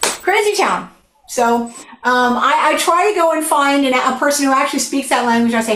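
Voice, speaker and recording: A woman's voice: high voice, fairly quick, roomy sound. A woman teaching a flute masterclass over a video call, chatty and enthusiastic. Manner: chatty, enthusiastic, animated storytelling.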